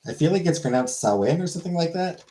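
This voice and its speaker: A man's voice: a little high, quick pace, dark tone. A man chatting casually on a livestream, rambling and offhand, swearing now and then.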